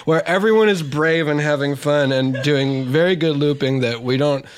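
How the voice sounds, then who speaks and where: A man's voice: fairly high pitch, normal speed. A man co-hosting a comedic podcast, upbeat and joking. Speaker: podcast co-host.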